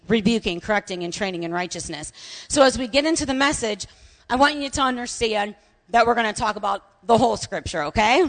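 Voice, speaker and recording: A woman pastor preaching a sermon with lively storytelling, raising her voice to a shout at its peaks, in a church sanctuary. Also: fairly high pitch. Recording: long reverb of a large hall.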